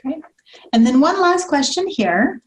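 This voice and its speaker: A woman's voice: high voice, sing-song, moderate pace, rough recording. A woman moderating an online session, reading out audience questions in a brief, matter-of-fact way.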